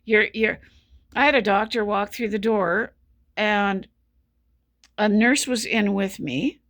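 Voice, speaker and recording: A woman shares her own experience as a patient in casual spoken commentary, earnest and frustrated and repeating herself often. She speaks slowly at a medium pitch with a fairly bright tone.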